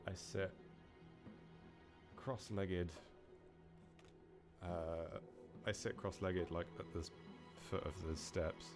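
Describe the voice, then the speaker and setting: A man's voice: sits low, fairly even intonation, slow, long pauses, music in the background. A man playing a tabletop role-playing game, talking in a dry, wry and hesitant way. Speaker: player.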